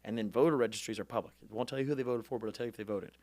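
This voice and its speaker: A man in his twenties, a podcast guest, telling his story in a fast, animated, profane way and acting out the people he quotes. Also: mid-range voice, dry recording. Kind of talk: casual storytelling interview.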